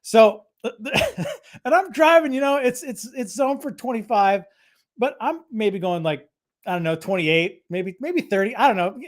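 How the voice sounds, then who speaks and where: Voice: mid-range voice, animated, normal speed. Chatty, rambling livestream host. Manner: rambling, chatty storyteller with many restarts. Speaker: host of a live creator show. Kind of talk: casual livestream chat.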